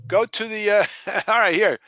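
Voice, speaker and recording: A man with a high, bright voice coaching a group of new sales hires. He talks emphatically and repeats his key points for weight, stopping often to ask questions. The sound is dry and close, with little room. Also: moderate pace, no echo, highs cut off. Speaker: sales trainer. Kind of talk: live sales training session.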